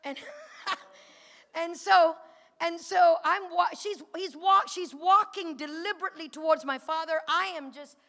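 Woman giving a testimony in church, very high voice, long hall reverb, lively chatty storyteller. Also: measured pace. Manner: lively, chatty storytelling with frequent laughs and rising emotion. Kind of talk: personal testimony storytelling to a congregation. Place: church sanctuary.

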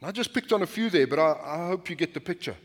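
A man's voice: on the high side, lively intonation, quick pace, in a large hall. A male pastor preaching a sermon in a conversational, anecdotal way, often restarting his sentences. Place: church sanctuary.

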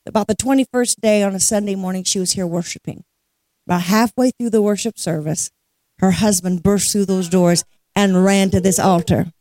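A woman's voice: mid-range voice, fairly even intonation, moderate pace, dark tone, dry recording. A woman leading worship at a church service, telling a testimony as a storyteller with a preacher's cadence and laughing as she talks. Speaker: guest worship leader. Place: church sanctuary.

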